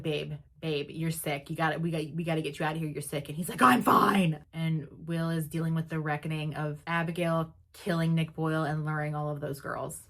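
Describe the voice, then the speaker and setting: A woman hosting a podcast, casually recapping an episode in a chatty way, full of "like" and quick paraphrased quotes of characters. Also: deep voice. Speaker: podcast host.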